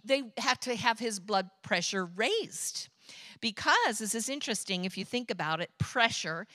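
A woman preaching a sermon as a pastor's wife, telling personal stories in an animated, chatty way. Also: mid-range voice, no echo.

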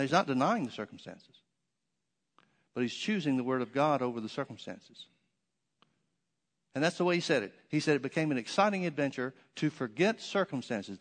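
A man's voice: medium pitch, in a large hall. A man preaching a sermon, telling a story and repeating key phrases for emphasis.

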